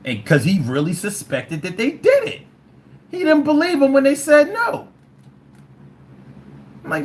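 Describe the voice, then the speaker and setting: A livestream host reading chat comments and rambling, animated and profane, with many restarts. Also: sits high, a little slow, long pauses, slight background noise. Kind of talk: casual livestream talk.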